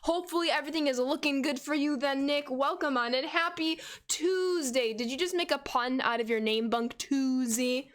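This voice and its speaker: Young woman, twenties, bright high voice, upbeat gaming streamer reading chat. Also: quick pace, few pauses. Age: 20s. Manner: upbeat, greets chat viewers by name. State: out of breath. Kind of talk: casual live-stream chat.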